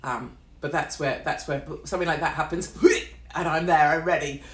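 A woman's voice: sits low, a little fast. A woman, hosting a blunt, profane and mocking ranting monologue. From Britain. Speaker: host. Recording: echoey room.

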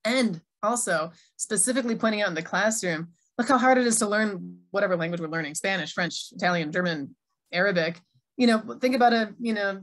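A middle-aged woman from Minnesota with an American accent, giving a conversational keynote talk and reading audience chat replies aloud. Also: mid-range voice. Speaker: keynote speaker, Arabic teacher. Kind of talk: online conference keynote.

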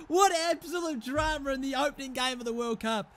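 A young man commentating his football video game match, excitable and often shouting and swearing at his teammates. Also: very high-pitched, brisk, hardly any pauses. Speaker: gaming YouTuber. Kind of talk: live gameplay commentary.

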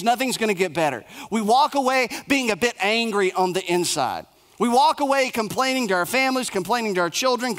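A male pastor delivers a sermon in a fairly high voice. He builds his points in short, repeated phrases. He drops soft and low for the sorrowful parts.

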